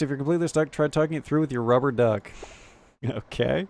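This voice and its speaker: A man streaming a game, reading its text aloud quickly and joking, swearing and laughing along. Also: medium pitch, no echo. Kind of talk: casual gameplay commentary.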